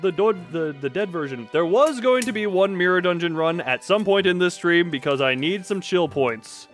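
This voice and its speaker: Excitable male streamer, rambling. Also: sits high, moderate pace, faint music behind. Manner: excitable, rambling, mild swearing, laughs often. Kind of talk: casual live-stream chat while gaming.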